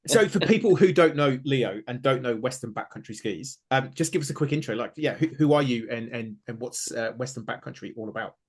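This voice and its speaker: Chatty New man, casual podcast host, middle-pitched, lots of ums. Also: expressive, fairly quick, hardly any pauses, breathy edge. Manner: chatty, upbeat, many fillers and restarts. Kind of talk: casual interview chat.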